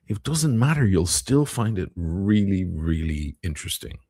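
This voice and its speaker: Gravelly low-voiced man chatting on a stream. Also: moderate pace, darkish tone. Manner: chatty, reads viewer comments aloud. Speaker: live stream host. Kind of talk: casual live-stream chat.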